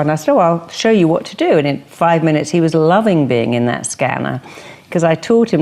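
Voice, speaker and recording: Lively, emphatic woman therapist, lower voice. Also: a little fast. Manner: animated, acts out quoted voices and inner thoughts; emphatic, stresses strong words. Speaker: psychotherapist. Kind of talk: interview conversation.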